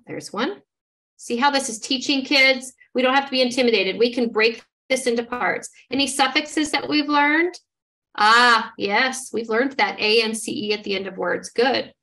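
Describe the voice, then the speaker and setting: A woman's voice: on the high side, normal speed, bright, forceful tone. A woman giving an instructional demonstration as a literacy trainer, modeling how to decode words step by step in an encouraging way.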